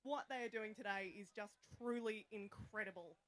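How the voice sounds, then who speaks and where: A woman's voice: medium pitch, moderate pace, a bit bright. Enthusiastic woman reporting from the finish. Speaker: roving reporter. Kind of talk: live event interviewing.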